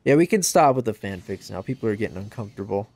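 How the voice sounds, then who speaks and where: A man casually commenting on a game livestream and reading chat aloud, joking at his own expense and yelping out loud during play. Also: fast. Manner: excitable, bursts into high yelps during play; self-deprecating, joking. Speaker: gaming livestreamer.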